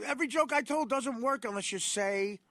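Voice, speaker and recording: A man hosting a casual comedy podcast, quick to laugh and slipping into impressions. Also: extremely high pitch, fairly bright tone, dry recording. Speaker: podcast host.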